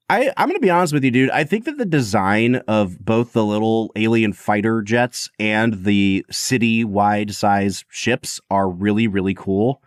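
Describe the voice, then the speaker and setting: Casual male podcast co-host, animated and playful, dry booth sound. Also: medium pitch, no room sound. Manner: animated, jokey, laughs often.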